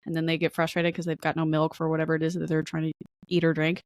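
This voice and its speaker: A woman's voice: sits low, dry recording, studio quality. A young woman hosting a podcast alone, talking in a candid, rambling way with self-mocking laughs before turning encouraging. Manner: encouraging pep talk. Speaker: podcast host. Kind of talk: casual solo podcast monologue.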